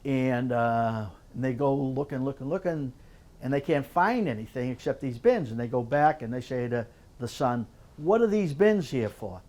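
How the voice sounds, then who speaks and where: An older man, an author speaking at a public library, tells a story in an animated way and often repeats words as he builds it. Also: medium pitch, moderate pace. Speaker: author giving a library talk. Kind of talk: storytelling lecture.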